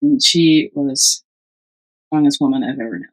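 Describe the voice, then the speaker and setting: A woman's voice: a bass voice, measured pace, poor audio. A woman co-hosting a podcast, chatting casually and telling a personal story with animation, often laughing and acting out what others said. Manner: animated, acts out quoted voices, laughs often. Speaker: podcast co-host.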